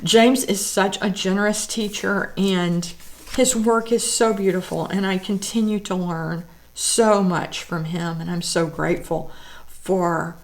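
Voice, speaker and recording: Woman, teary, gushing, casual book show-and-tell, lingering praise. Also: lowish voice. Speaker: artist and vlogger.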